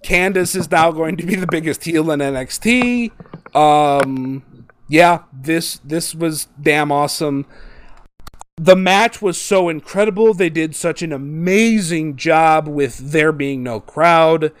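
Male host, casual wrestling recap, slightly higher voice, dry close mic, animated, does exaggerated voices for quotes. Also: slow, no room sound.

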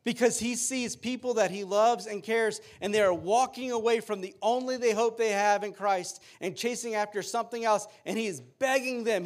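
A male pastor preaching a sermon, earnestly reading scripture aloud and driving its meaning home. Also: high voice.

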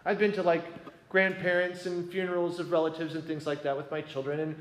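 A man's voice: a little high, little pitch movement, brisk, slight background noise. A man sharing an earnest personal story with a gathering, talking conversationally and often checking whether his listeners follow. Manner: conversational, asks listeners if it makes sense. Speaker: speaker sharing a reflection. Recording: echoey room with faint ambience.

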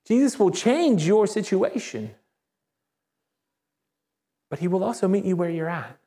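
A man preaching a sermon as a pastor, speaking conversationally and emphatically, with repeated phrases and animated rises. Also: high-pitched, a little slow. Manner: animated, rises sharply when excited. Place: church.

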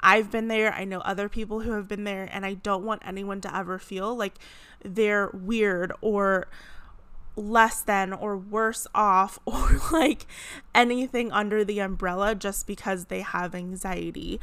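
A woman's voice: medium pitch, steady tone, measured pace, a bit bright, clear, resonant tone, dry recording. A young woman hosting her own podcast, talking earnestly and emotionally about her experience, with many casual fillers. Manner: earnest, emotional, tearful at moments, frequent "like" fillers. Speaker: podcast host. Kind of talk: heartfelt solo podcast talk.

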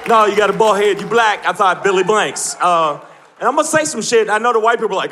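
High-voiced guy doing stand-up, cussing and roasting the crowd, faint crowd noise. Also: animated, quick pace, pushed and bright. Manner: brash, profane, confrontational with the crowd. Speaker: stand-up comedian. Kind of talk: live stand-up routine. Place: comedy club stage with a live audience. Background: audience laughter and room ambience.

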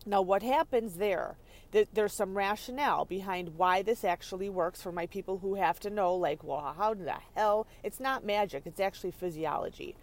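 A woman podcast host giving an energetic, chatty motivational teaching talk from her parked car. She laughs often and keeps checking in with her listeners. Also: mid-range voice, normal speed. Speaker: podcast host and leadership coach. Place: parked car on a rainy day.

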